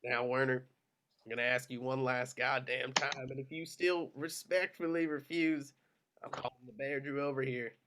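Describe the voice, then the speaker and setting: A man's voice: mid-range voice, steady tone, normal speed, bright, forceful tone. A man reading a hard-nosed officer's lines in an amateur script reading, drawling and menacing. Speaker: reader of Aldo.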